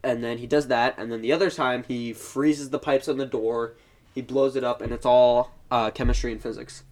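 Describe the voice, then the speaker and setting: A man's voice: medium pitch, fairly even intonation, moderate pace. A man co-hosting a casual podcast, prompting his partner and teasingly correcting details. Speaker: podcast co-host. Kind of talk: casual chat about a movie.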